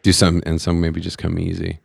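A man's voice: low voice, completely flat delivery, a little fast, creaky, husky, no echo. A man hosting a casual podcast, laid-back, asking the guest questions and swearing casually. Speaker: podcast host. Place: podcast studio.

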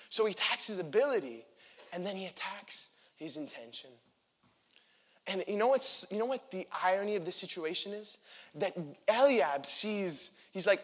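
A young man preaching a sermon, animated and acting out the people in the story he reads. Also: sits high, moderate pace. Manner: animated, acts out the figures in quotes.

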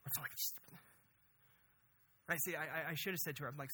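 A man preaching a conversational, energetic sermon as pastor, often asking "right?". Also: fairly high pitch, fast talker, pauses often, slightly rough.

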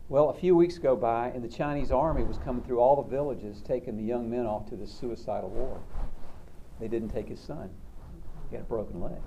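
A man's voice: mid-range voice, animated, brisk, noisy background. A man counselor giving a sermon-like talk, conversational and storytelling, often repeating words.

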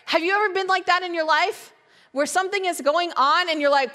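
A woman's voice: extremely high pitch, fairly quick, pushed and bright, long reverb tail. A woman guest speaker giving a conversational sermon, full of rhetorical questions and acted-out inner voices. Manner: acts out imagined inner voices.

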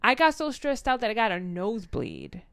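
A woman's voice: on the high side, moderate pace, creaky, no room sound. Woman retelling a story, dry close sound. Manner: candid, animated retelling with quoted dialogue. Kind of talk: casual storytelling chat.

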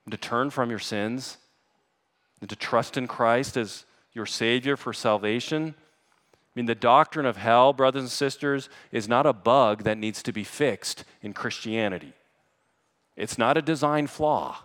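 A man's voice: mid-range voice, a bit bright, long reverb tail. A man preaching a sermon to his church in an earnest voice that rises to urgent emphasis. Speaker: pastor. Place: church sanctuary.

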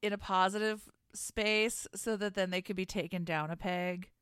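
Woman, podcast co-host, casual chat, dry humor, mid pitch, clear voice. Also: steady tone, normal speed, a bit bright, no room sound. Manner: wry, dry humor, short asides. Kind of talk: casual chat recapping wrestling.

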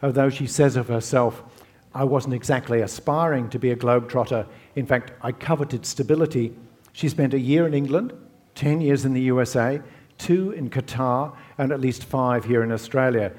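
A man's voice: mid-range voice, fairly even intonation, moderate pace, a little mellow. A man hosting an author event, reading a formal introduction of his guest and then asking her a question. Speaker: event host.

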